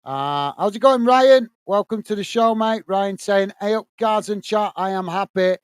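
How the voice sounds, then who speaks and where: Speaking at normal speed in a smooth voice, a British commentator runs a live football watch-along. He gives steady play-by-play, chats with viewers in the gaps, and raises his pitch to greet them, all on a dry recording.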